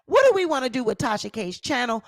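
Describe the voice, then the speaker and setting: High-pitched woman doing gossip commentary, punchy and repetitive, dry close sound. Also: big pitch swings, fast, dry recording. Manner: emphatic, repeats phrases for effect. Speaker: channel host.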